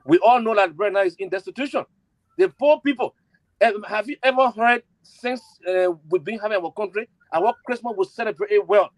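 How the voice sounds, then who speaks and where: A man making an impassioned fundraising appeal, repeating himself and spelling out letters slowly. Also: sits high, no echo, rough recording. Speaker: campaign supporter and fundraiser.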